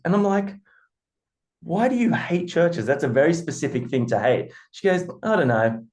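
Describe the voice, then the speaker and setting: A man, a podcast co-host telling animated stories and swearing freely. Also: medium pitch, moderate pace. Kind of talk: casual storytelling.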